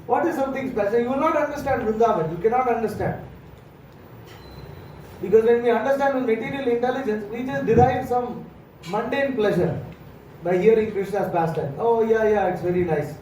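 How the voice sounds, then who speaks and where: South Indian man, high mellow voice, temple lecturer; roomy distant mic, faint hum. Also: moderate pace. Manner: storytelling, acts out dialogue, many fillers. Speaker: monk lecturer. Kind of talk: morning lecture. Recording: echoey hall, far from mic, faint hum.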